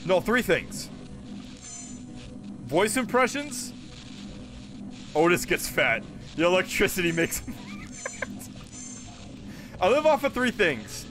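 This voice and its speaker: A man streaming a video game live, chatting casually, excitable and quick to laugh and break into goofy voice impressions. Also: high voice, over music.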